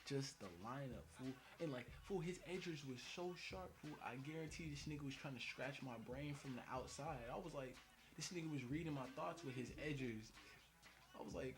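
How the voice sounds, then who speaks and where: A young man telling a comic story in a casual, slangy way, with sudden high-pitched bursts when he acts out what people said. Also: fairly quick. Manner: animated, slangy, jumps to high pitch acting out quotes. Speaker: vlogger storyteller.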